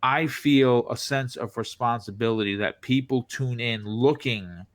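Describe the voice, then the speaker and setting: A man telling stories as a podcast guest in casual chat, with a distinctive voice, animated and full of restarts. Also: mid-range voice, measured pace, no echo. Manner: animated, lots of restarts, acts out quoted reactions. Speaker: podcast guest, content creator.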